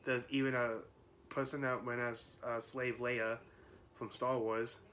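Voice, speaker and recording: A man's voice: medium pitch, little pitch movement, a little slow, a bit bright, slight background noise. Rambling, laughing man vlogger. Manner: rambling, laughs often, many restarts and fillers. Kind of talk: casual chat to camera.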